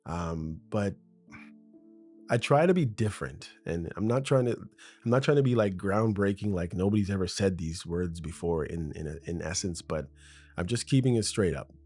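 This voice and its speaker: Man, podcast host, husky voice, casual rambling talk, foam-shielded mic, faint music behind. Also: low voice, expressive, moderate pace, darkish tone. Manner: riffing, talks off script like to a best friend. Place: home room in front of a window. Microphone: studio mic with a foam shield.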